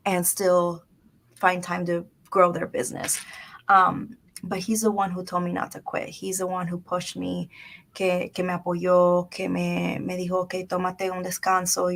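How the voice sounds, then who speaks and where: Chatty and storytelling, a woman in her thirties on a radio show weaves Spanish phrases into her English. Her voice sits on the low side with a fairly bright tone, recorded through a studio mic.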